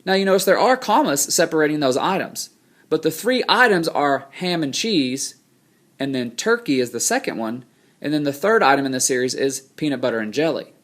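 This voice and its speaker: A man teaching a recorded grammar lesson, explaining rules plainly and slowing down to read example sentences aloud. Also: a little high, fairly bright tone.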